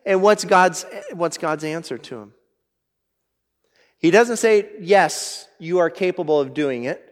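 A man's voice: fairly high pitch, a little slow, in a large hall. A man preaching a sermon in a conversational way. He reads scripture aloud, explains it, and often checks in with his listeners. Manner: conversational, checks in with "right?" and "all right?". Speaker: pastor.

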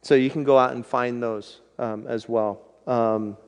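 A male pastor giving an earnest, conversational sermon in a church, slowing down for emphasis and closing in prayer. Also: medium pitch, steady tone, in a large hall.

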